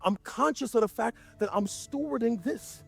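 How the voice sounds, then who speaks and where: A man's voice: extremely high pitch, normal speed, vocal fry, fairly bright tone, faint music behind. A man preaching a sermon as pastor to a church gathering, impassioned, often stammering and restarting mid-sentence.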